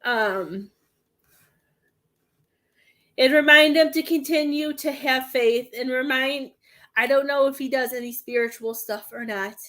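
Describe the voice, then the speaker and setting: Woman medium, young adult, slightly high voice; casual live reading, restarts a lot, close to tears. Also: a bit bright. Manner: emotional, halting, repeats herself. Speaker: psychic medium giving a reading.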